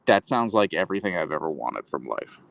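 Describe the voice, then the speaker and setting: A man with a low, creaky, slightly bright voice talks a little fast in a sing-song way, and the audio is dull. He's hosting a casual livestream on a handheld phone camera, baby-talking to his dog and reading viewer comments aloud.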